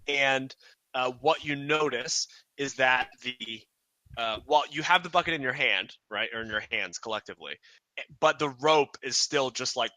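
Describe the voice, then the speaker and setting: A man's voice: mid-range voice, normal speed, sharp tone, no echo. A man narrating as dungeon master in a tabletop game, rambling with many fillers and restarts.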